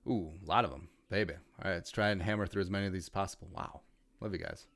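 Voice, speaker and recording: A man hosting a casual livestream podcast, laid-back and wry, reading out viewer shout-outs with quick jokes. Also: low-pitched, no echo. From Minnesota. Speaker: podcast host.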